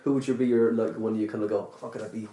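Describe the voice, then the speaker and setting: A man hosting a podcast in a low, mellow voice, circling his thoughts with loose fillers and casual swearing. The recording sounds roomy, with echo off the walls. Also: fairly even intonation, fast. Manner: rambling, sweary, full of fillers. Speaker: podcast host.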